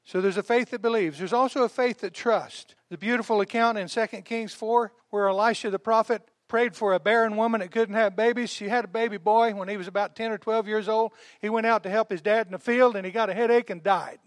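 A man preaching a sermon in an animated, folksy way, hammering points through repetition. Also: sits high, a little fast, few pauses, no room sound. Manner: folksy, calls listeners honey. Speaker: pastor.

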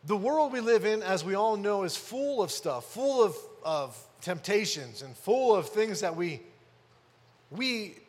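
Male pastor, high pitch, chatty sermon delivery with loud emphatic peaks, hall reverb. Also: very animated, measured pace. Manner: conversational preaching, rhetorical questions, rises to loud emphasis.

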